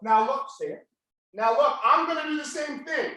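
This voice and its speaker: A man teaching a live online jiu-jitsu class, yelling his coaching cues as he walks students through each move. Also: extremely high pitch, animated, normal speed, very echoey.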